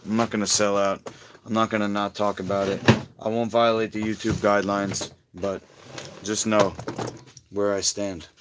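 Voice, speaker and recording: A man's voice: on the low side, background noise. A man hosting a casual live stream, bossily instructing someone step by step in a blunt, crude way. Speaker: livestream host.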